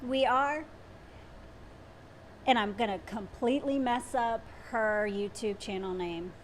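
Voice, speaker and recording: A woman co-hosting a casual live stream, bubbly and quick to laugh. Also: on the high side, slight background noise. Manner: bubbly and gushing, laughs easily. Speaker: co-host.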